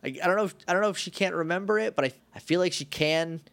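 A man's voice: high voice, very fast, fairly bright tone. A man co-hosting a podcast, casually recapping a TV episode in a rambling, jokey way. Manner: rambling, jokey, acts out quotes. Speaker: podcast co-host.

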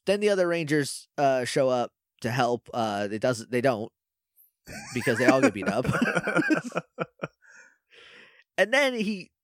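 A man's voice: mid-range voice, slow pace, pauses often, no room sound, studio quality. A man co-hosting a podcast, recapping an episode in casual chat and acting out characters in funny voices. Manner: animated, does silly voices for characters. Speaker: podcast co-host.

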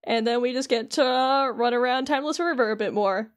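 Woman, podcast co-host, chatty, filler-heavy, fairly high voice, casual game recap. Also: a little fast.

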